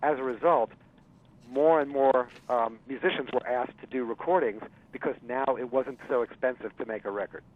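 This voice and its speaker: Over a tinny phone line, a jazz writer appearing as a guest on a radio interview tells a long story. His voice is mid-range at normal speed, and he talks with lots of fillers and restarts.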